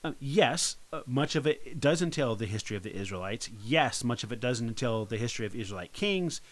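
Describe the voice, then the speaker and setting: Man, mid-pitched, casual co-host of a Bible podcast who restarts sentences as he goes. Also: lively intonation, fairly quick. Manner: conversational, with frequent restarts.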